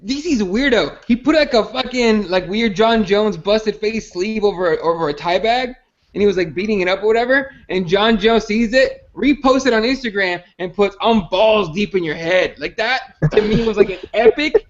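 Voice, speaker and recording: A man's voice: high-pitched, normal speed, dull audio. A man hosting a casual podcast about fighting. He rambles and swears, stumbling over restarts. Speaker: podcast host. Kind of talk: casual MMA chat.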